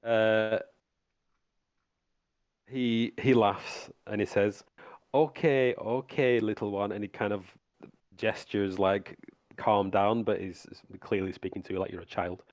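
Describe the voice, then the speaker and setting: A man narrating as game master of a tabletop game on a live stream, relaxed and halting with many restarts. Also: on the low side, no echo, studio quality.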